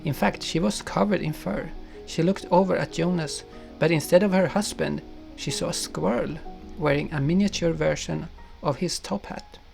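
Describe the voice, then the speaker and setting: Man, storybook narration, gentle and unhurried, gravelly, slightly high voice. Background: soft guitar music.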